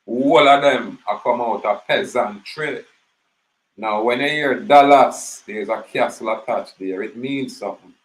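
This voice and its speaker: Jamaican man at an average pitch, speaking Patois in a loose, storytelling monologue. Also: a little slow, low-quality recording. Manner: rambling, animated storytelling in Patois. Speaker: channel host. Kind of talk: casual monologue.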